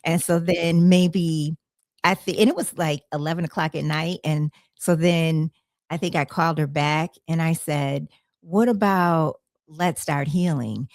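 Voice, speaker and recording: A woman's voice: low voice, fairly even intonation, a little slow, a little mellow, dry recording, studio quality. A woman hosting a podcast, talking casually over a video call, rambling with many fillers and self-corrections. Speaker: podcast host. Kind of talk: casual conversation.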